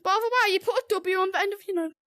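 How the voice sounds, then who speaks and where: Excitable high-pitched British gamer. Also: racing, dry recording, clean studio sound. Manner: excitable, yelps and giggles, teasing. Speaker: gaming video host. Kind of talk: excitable let's-play commentary.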